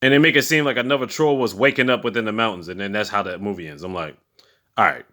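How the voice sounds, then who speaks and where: A man's voice: fairly low pitch, very fast, bright, forceful tone. A man giving a casual, profane, slang-heavy recap of a movie's plot. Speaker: movie reviewer.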